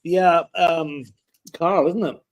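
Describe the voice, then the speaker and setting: A man's voice: a little high, steady tone, slow pace. A man from Ireland co-hosting a casual sports livestream, with a dry, wry humor. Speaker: livestream co-host.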